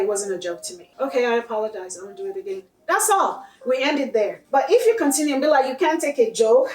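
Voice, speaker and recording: Blunt, heated woman with a high voice. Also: reverberant, distant mic, low-quality recording. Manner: blunt, heated and profane, mocking others in quoted voices. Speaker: vlogger. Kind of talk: impassioned monologue to camera.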